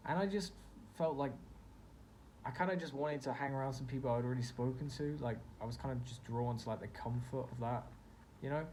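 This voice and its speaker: A man's voice: mid-range voice, dark tone, a little hiss or hum. A young man telling a personal story in a casual vlog, rambling and full of fillers as he reflects on his own feelings. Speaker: vlogger.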